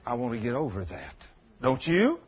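Husky folksy preacher man. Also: mid-range voice, very animated, normal speed. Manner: folksy storytelling, acts out both sides of a dialogue. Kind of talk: sermon. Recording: dull lo-fi recording.

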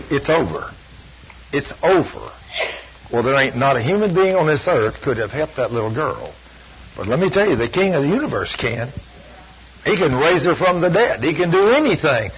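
A man's voice: medium pitch, breathy edge. An older man preaching a folksy sermon, plain-spoken and full of homespun stories. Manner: plain-spoken, storytelling, self-deprecating. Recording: dull lo-fi sound.

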